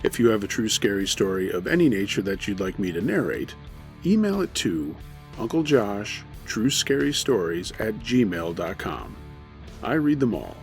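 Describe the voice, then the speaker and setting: A man narrating a true horror story as the host of a storytelling show, measured with dry humor. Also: lowish voice, big pitch swings, vocal fry, soft background music.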